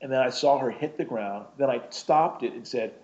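A man's voice: medium pitch, moderate pace, darkish tone. Rambling man telling a personal story. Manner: rambling, self-interrupting, chuckling between thoughts. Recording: dull lo-fi recording.

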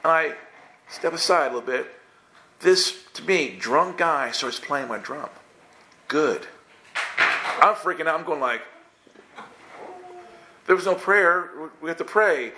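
A man telling a humorous personal story to a church group, animated and chuckling as he acts out his own thoughts. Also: fairly high pitch, takes it slowly, pauses often, slight background noise.

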